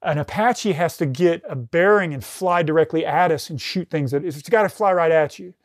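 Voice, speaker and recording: A man's voice: a little high, moderate pace, no room sound, studio quality. A middle-aged man, a retired military rescue specialist, tells a combat story in casual conversation, swearing heavily and restarting his sentences often. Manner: intense, heavy swearing, frequent restarts.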